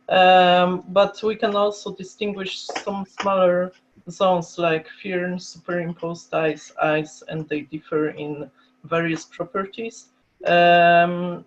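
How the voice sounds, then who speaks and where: A woman's voice: lowish voice, slight background noise. A Polish woman PhD student introducing herself on a video call, hesitant with many fillers and restarts. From Poland. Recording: dull lo-fi video call audio.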